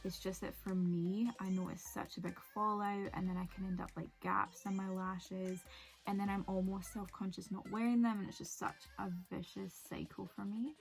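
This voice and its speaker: A woman's voice: medium pitch, level tone, moderate pace, gravelly. Young woman, beauty vlogger, chatty and rambling, faint music behind. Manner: chatty, rambling, lots of "like" fillers. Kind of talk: casual make-up tutorial chat.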